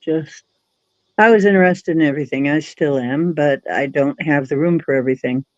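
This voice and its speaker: A woman from the United States chatting casually about her crafts in a relaxed, matter-of-fact way. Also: low-pitched, normal speed, dull audio, slight background noise. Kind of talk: casual chat.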